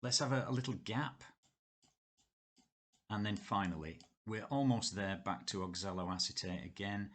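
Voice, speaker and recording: A man's voice: fairly low pitch, moderate pace, a bit bright. A man with a Yorkshire accent teaching a biology lesson, chatty and thinking aloud as he writes. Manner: chatty, thinks aloud and talks to himself while writing. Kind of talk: whiteboard lesson explaining step by step.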